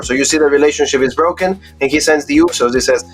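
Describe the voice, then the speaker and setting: A man's voice: a little high, steady tone, quick pace, faint music behind. A man in casual podcast chat, reviewing wrestling with lots of "like" and "you know" fillers.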